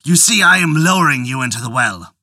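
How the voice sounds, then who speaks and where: A storyteller voicing an exasperated husband who questions his wife slowly and forcefully. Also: medium pitch, animated, no echo, clean studio sound. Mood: angry. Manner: slow, forceful, demanding. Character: angry exasperated husband, tailor. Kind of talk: storytelling voice acting.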